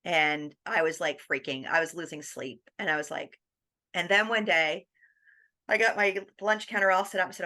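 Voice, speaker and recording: A woman guest on an interview podcast, telling her story in a lively, animated way. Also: lowish voice, moderate pace. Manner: animated, acts out quoted dialogue with laughs.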